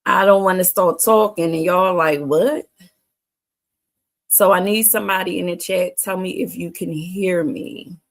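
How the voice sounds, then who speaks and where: Woman doing a motivational livestream, slow and deliberate, keeps repeating her lines and calling out to the chat. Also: lowish voice, steady tone, vocal fry. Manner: emphatic, repeats catchphrases and calls to the chat. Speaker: livestream host.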